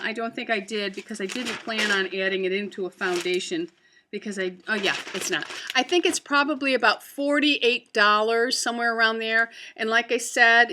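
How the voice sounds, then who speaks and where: A woman's voice: medium pitch, bright, forceful tone, a little hiss or hum. A woman reviewing beauty products to camera in a casual, chatty way, with many fillers and restarts. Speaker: beauty vlogger.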